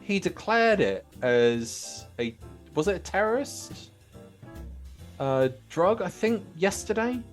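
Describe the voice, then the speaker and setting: A man's voice: sits high, big pitch swings, slow pace, faint music behind. A man hosting a podcast in casual political chat. He is playful, laughs often and sets up questions for his guests. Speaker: podcast host.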